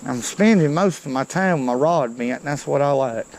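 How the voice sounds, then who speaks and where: A man, giving excited, folksy commentary to viewers while he fishes a creek outdoors. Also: on the high side, normal speed, slight background noise, rough recording. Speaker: fishing vlogger.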